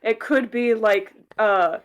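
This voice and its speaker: A woman's voice: a little high, slow, lo-fi sound. A woman at a tabletop game night, explaining the rules in a reassuring, matter-of-fact way. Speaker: player. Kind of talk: casual tabletop game chat.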